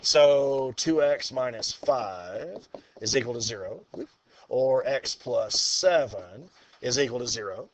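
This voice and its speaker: A man's voice: medium pitch, expressive, takes it slowly. A male math teacher lecturing a class, upbeat and encouraging as he works through problems aloud.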